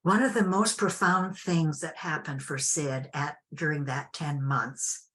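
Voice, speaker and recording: An older woman telling a personal story as an interview guest, unhurried and reflective with frequent restarts. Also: deep voice, fairly even intonation, fairly bright tone.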